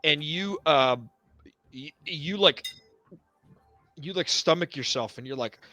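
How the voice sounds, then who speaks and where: A man's voice: a little high, slow pace, sharp tone, no room sound. A man narrating as game master of a tabletop horror game, setting scenes vividly and dramatically.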